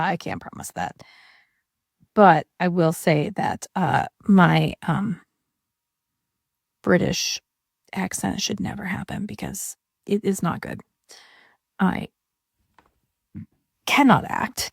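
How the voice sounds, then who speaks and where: Woman rambling away about inks, little bit of fry in her voice, dry close mic. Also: on the low side, dry recording. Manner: chatty, rambling, self-deprecating. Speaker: ink and art video creator. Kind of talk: casual chat while swatching inks.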